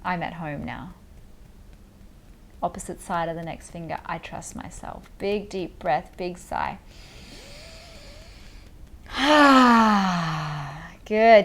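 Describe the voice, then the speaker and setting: A woman coaching listeners through a guided tapping meditation, giving slow, soothing instructions and affirmations. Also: a little high, a bit bright.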